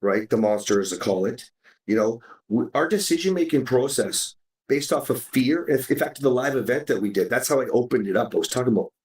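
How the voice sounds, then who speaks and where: A man hosts a podcast in a loose, animated way and drops casual swearing. His voice sits back from the mic in a roomy, echoing space. His pitch is mid-range. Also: fairly quick. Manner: animated, acts out quoted dialogue, swears casually. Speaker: podcast host. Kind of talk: casual chat. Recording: roomy sound from a distance.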